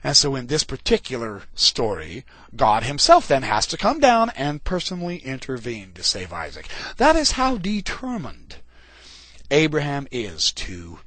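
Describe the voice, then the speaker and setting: A man giving an informal lecture on scripture, animated and colloquial, with dramatic emphasis and frequent asides to his listeners. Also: mid-range voice, a little slow, dry recording.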